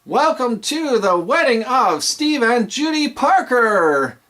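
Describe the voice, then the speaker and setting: A man's voice: extremely high pitch, big pitch swings, slow, bright, forceful tone, pitched above the performer's own voice, full character voice. A man playing an enthusiastic DJ announcer who stretches his words into a big build-up. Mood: booming. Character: booming hyped-up male DJ announcer.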